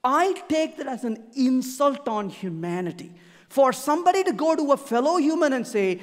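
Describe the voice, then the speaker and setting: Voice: high-pitched, lively intonation, moderate pace. A conference speaker giving a keynote talk, emphatic and repeating key points for emphasis. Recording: long hall reverb.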